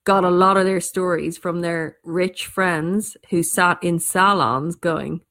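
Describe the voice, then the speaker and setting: Irish woman storyteller, conversational, slightly low voice, quick animated delivery. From Ireland. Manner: quick, animated bursts with restarts. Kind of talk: casual conversation.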